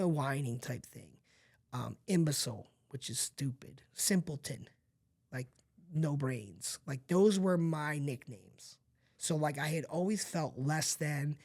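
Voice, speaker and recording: Speaking as a podcast guest in a somewhat high, darkish voice, a middle-aged man shares a painful story from his own life. He confides earnestly, addresses the listener directly with many asides, keeps checking they're following, and becomes emotional at times.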